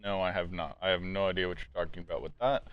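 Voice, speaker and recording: A man's voice: deep voice, steady tone, fast talker, no room sound. A man hosting a casual podcast, answering viewer questions bluntly and swearing freely. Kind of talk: casual chat. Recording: dull, muffled recording.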